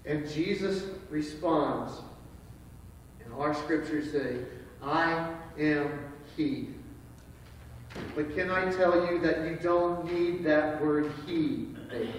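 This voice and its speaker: A man's voice: a little high, slow pace, a little hiss or hum. A man preaching a sermon, retelling a Bible story in an earnest, storytelling way. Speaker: pastor. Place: church sanctuary. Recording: echoey hall from far off.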